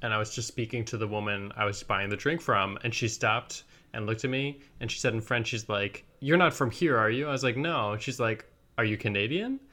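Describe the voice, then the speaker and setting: A man in his thirties co-hosting a podcast, chatting casually and telling animated stories with frequent laughter. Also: fairly low pitch, a little fast, hardly any pauses. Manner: laughs often, animated storytelling. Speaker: podcast co-host. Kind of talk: casual chat.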